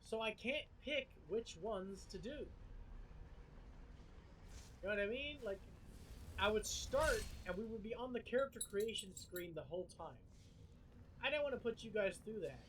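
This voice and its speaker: A man streaming a game live and talking loosely to his chat. His voice sits a little high, and he rambles with plenty of filler words. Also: expressive, normal speed, fairly bright tone, slight background noise, rough recording. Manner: rambling, filler-heavy talk.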